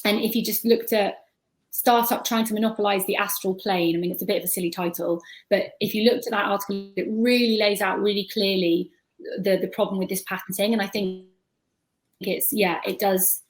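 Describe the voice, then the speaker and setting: A woman's voice: medium pitch, fairly even intonation, fairly quick, poor audio. A woman on a video-call panel, talking at length in a thoughtful, chatty way and often restarting her words.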